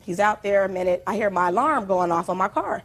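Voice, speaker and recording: A woman testifying as the plaintiff in court, telling her story in a rambling, animated way. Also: mid-range voice, a little fast.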